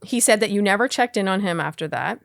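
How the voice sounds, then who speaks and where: A woman hosting a podcast, carefully and apologetically reading out claims to her guest in a measured tone. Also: medium pitch, animated, creaky, no room sound. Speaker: podcast host. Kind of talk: interview, reading book excerpts.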